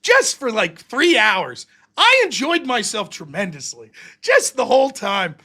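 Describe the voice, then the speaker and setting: A man's voice: high-pitched, wildly swooping pitch, unhurried, sharp tone. A man hosting a livestream, talking casually in a rambling, profane, jokey way. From United States. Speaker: livestream host.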